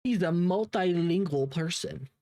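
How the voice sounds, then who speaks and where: A man's voice: high-pitched, a little slow, mellow, no room sound, studio quality. A young man hosting casual drama commentary, rambling and profane, restarting sentences and laughing at what he reacts to.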